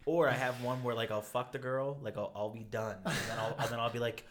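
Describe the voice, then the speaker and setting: A young man hosts a podcast and talks quickly in relaxed, loose chat. His pitch is ordinary and mid-range. He swears freely and throws in short backchannel replies. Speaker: podcast host. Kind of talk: casual chat.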